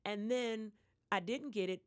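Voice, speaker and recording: A woman's voice: unhurried, clear, resonant tone, dry recording, studio quality. A woman with a Detroit accent, a singer, telling stories in a casual radio interview and acting out the voices of the people she quotes. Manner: animated storyteller, acts out quoted voices with big pitch jumps. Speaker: guest singer. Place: radio studio. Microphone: studio microphone.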